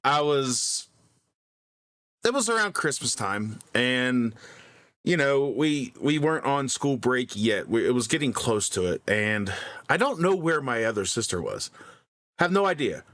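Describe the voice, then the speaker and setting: Male podcast co-host, average pitch, loose chatty storyteller who keeps restarting his sentences. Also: very animated, unhurried, fairly bright tone. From grew up in the country. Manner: rambling, many fillers and restarts, laughs at himself. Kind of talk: casual storytelling.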